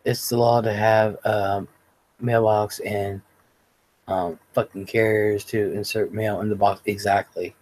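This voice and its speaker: Husky low-voiced man telling rambling stories. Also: little pitch movement, a little slow, a little mellow, poor audio. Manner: rambling, profane storytelling. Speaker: livestream host. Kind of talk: casual livestream chat.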